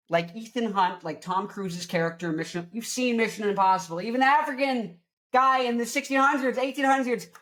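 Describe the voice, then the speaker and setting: A woman podcast host telling a rambling, absurd comic story, often stopping to correct herself and drift onto side points. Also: medium pitch. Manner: tangential, self-correcting, jokey absurd riffing.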